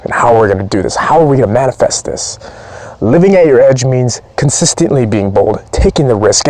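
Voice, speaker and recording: Guy coaching hard and cursing a lot, kinda high voice, dry close sound. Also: darkish tone, no room sound. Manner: blunt, profane, pumped-up. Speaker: performance coach. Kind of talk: motivational training talk.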